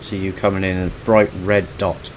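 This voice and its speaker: A man's voice: low-pitched, little pitch movement, moderate pace, a little hiss or hum. A man streaming a flight simulator, chatting casually and joking with a friend as he lands and taxis. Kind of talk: casual gameplay chat.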